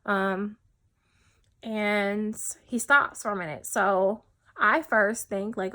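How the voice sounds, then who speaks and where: Halting, soft-spoken woman giving testimony. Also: medium pitch, fairly even intonation. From New Jersey, USA. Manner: halting, many fillers and restarts, often drops soft. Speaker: widow giving a personal testimony. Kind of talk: personal testimony.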